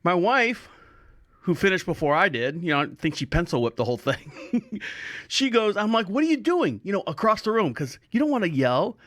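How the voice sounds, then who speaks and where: Man, podcast host, high-pitched, dry close sound, jokey, rambling storytelling. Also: very animated, moderate pace, a bit bright, no room sound. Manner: rambling, jokey, self-mocking. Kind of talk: casual storytelling monologue.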